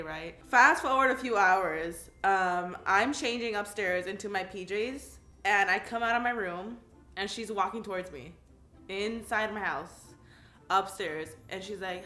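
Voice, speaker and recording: A woman's voice: mid-range voice, moderate pace, bright, forceful tone, reverberant, faint music behind. A woman in her twenties from California, chatting casually and reading questions aloud with a bubbly manner, filling her talk with "like". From California, USA. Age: 20s. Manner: chatty and bubbly, heavy use of "like", giggles at her own answers. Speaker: YouTube crafts creator.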